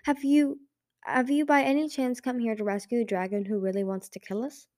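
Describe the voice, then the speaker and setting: A woman's voice: a little high, flat delivery, a little fast, a little mellow, no echo, voice pushed up, lightly acted. Audiobook voice: a woman doing a small, earnest young female dragon, worried but hopeful, in a dry, close take. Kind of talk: audiobook reading.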